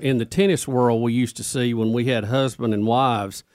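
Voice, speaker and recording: Man, mid-pitched, casual chat, dry joking asides, teasing. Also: fairly even intonation, normal speed, darkish tone, dry recording.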